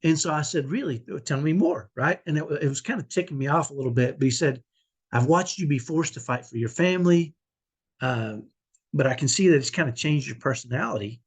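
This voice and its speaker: A man's voice: mid-range voice, a little fast, slightly rough. A middle-aged man talking earnestly to camera in a personal vlog, confessional and emotional, with many restarts. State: emotional, near tears. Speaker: vlogger, autism parent.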